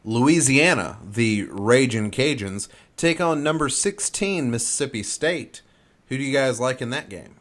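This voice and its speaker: A man's voice: mid-range voice, lively intonation, measured pace, a bit bright. Upbeat man hosting football picks. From Southern US. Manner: upbeat, runs through matchups and asks for picks. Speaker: podcast host. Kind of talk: casual sports chat.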